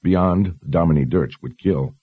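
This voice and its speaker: A man narrating a fantasy novel in a measured, even storytelling manner. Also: low-pitched, breathy edge, dry recording, narrow, tinny audio. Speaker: audiobook narrator.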